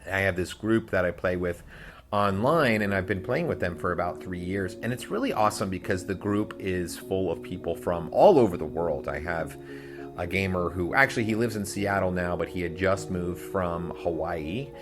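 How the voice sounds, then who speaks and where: Low voiced guy cohosting a gaming podcast, rambly and chatty, faint music under him. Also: moderate pace. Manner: rambling, chatty, many fillers and restarts. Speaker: podcast co-host. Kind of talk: casual chat.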